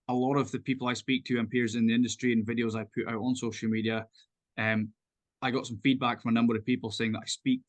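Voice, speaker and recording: A man joining a live online talk to share his own experience with measured explanation. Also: mid-range voice, fairly bright tone. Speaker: webinar guest. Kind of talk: conversational comment.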